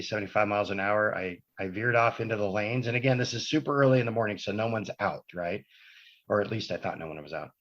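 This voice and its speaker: A man's voice, on the low side and a bit bright, comes through dull lo-fi podcast audio. As a guest, he wanders through a long personal story in relaxed conversation, rambling and revising his words as he goes.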